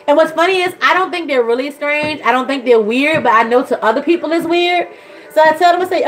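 A woman's voice: moderate pace, faint music behind. A woman, chatting casually to camera as a vlogger and mother, rambling and gushing. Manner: rambling and gushing, swings into high excited voices.

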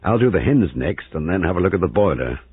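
A man's voice: deep voice, very animated, fast, husky, full character voice. A man voicing a young husband, rueful and gloomy but reassuring, heard in a phone-like, lo-fi reading.

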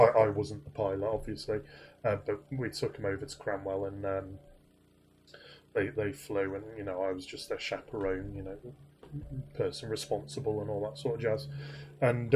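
A man's voice: on the low side, flat delivery, normal speed, pauses often, slight background noise. A man casually telling a rambling, self-deprecating anecdote, full of fillers and restarts. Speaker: flight sim streamer.

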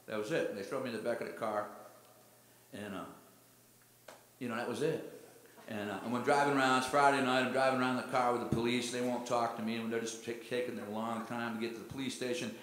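Male singer-songwriter, easygoing stage storyteller, mid-pitched, in a reverberant live hall. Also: steady tone, fairly quick, fairly bright tone, a little hiss or hum. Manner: laid-back rambling storyteller, says "man" a lot. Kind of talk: storytelling between songs at a concert. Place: live music venue, heard from a hall.

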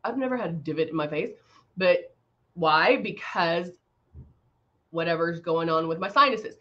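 A woman's voice: on the low side, moderate pace, fairly bright tone, lo-fi sound. Chatty woman hosting a live stream. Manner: chatty, rambling, reads out viewer comments; laughs often, many fillers. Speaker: makeup brand host. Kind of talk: casual live-stream chat.

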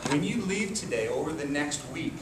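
A man, a martial arts instructor, giving an energetic call-and-response talk to children at a school assembly, coaxing them to repeat phrases. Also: on the high side, normal speed. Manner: energetic, coaxing, asks questions and has the kids repeat phrases. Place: large echoey room such as a school gym. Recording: echoey hall from far off with kids' noise. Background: children's voices and room noise.

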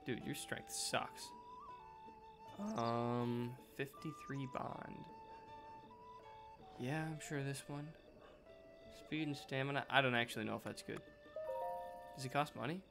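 A man giving casual gameplay commentary, excitable, swearing playfully and talking to the game. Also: mid-range voice, slow pace, gravelly, long pauses, music in the background. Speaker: let's play gamer.

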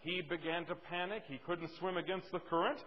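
A man preaching a sermon, emphatic, slowing down to stress scripture quotes and telling folksy classroom stories. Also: high voice, steady tone. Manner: storytelling with folksy asides. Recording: dull lo-fi audio with long reverb.

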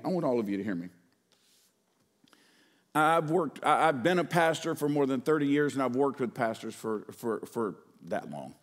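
Man, pastor, middle-aged, sermon, fairly high voice, swings from loud to hushed.

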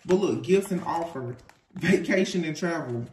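A man giving a casual tarot reading to his viewers, animated and informal, laughing often. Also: a little high, moderate pace, recorded from a distance. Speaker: tarot reader. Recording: echoey room, off-mic, faint noise.

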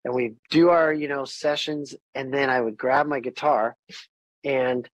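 A middle-aged man talking as a podcast guest and musician, candid and animated, swearing freely in casual conversation. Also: medium pitch, a little slow, no echo, poor audio.

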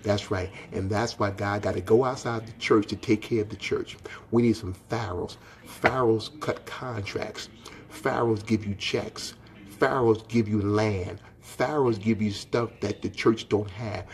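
A male pastor preaching a sermon in a folksy, direct way, rising to impassioned, emphatic questions. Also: on the low side. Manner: folksy and direct, talks to viewers by name.

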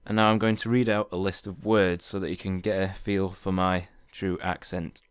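A Yorkshire-accented man talks through a casual accent-tag video in a dry, wry and relaxed way. His voice sits low and comes across smooth and resonant. The sound is close and dry, with no room around it. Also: normal speed, few pauses, no echo. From Yorkshire, England. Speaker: vlogger.

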